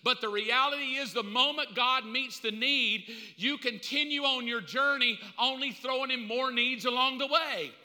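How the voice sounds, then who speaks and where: A man preaching a sermon in an animated way, swinging between loud and hushed delivery. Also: very high voice, moderate pace, hardly any pauses. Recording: long hall reverb.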